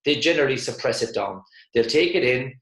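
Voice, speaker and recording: Emphatic gravelly-voiced male speaker. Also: mid-range voice, lively intonation, a little fast, fairly bright tone. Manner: emphatic, repetitive, acts out quoted voices. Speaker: motivational speaker. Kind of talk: motivational sales talk. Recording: echoey room.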